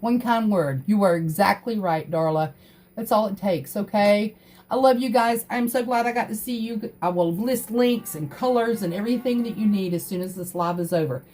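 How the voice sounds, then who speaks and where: A woman's voice: mid-range voice, moderate pace, darkish tone. A middle-aged woman hosting a crafting livestream, chatting earnestly and greeting viewers by name. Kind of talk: casual livestream chat.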